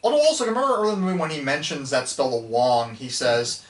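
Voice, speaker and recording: A man's voice: fairly high pitch, sing-song, fast. A man hosting a casual movie review chat, rambling with frequent restarts and laughs between points. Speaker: podcast host. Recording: echoey room, mic far off.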